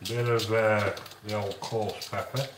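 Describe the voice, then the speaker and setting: A man's voice: fairly low pitch, flat delivery, measured pace, recorded from a distance, noisy background. A man giving a casual cooking demonstration in a home kitchen, chatty, with rambling asides between his instructions. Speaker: home cook. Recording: roomy echo, voice from off-mic.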